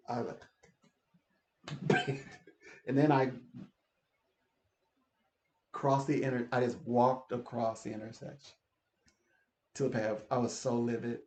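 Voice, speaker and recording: A man's voice: medium pitch, darkish tone, a little hiss or hum. Laughing man rambling in an echoey room. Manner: laughs often, repeats and restarts words. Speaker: channel host. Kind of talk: casual rambling monologue. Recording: echoey room, slightly dull sound.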